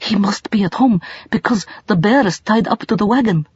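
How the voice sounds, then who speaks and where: A woman's voice: fairly high pitch, expressive, moderate pace, a little mellow, breathy edge, dry recording, highs cut off, pitched above the performer's own voice. A woman voicing a cautious, clever young girl who speaks in a careful, formal way, in a storybook reading.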